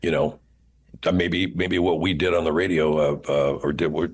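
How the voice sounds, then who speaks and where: A man's voice: a bass voice, fairly even intonation, normal speed. An older man being interviewed, a radio host telling stories and breaking into character voices with laughter. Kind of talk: casual interview chat.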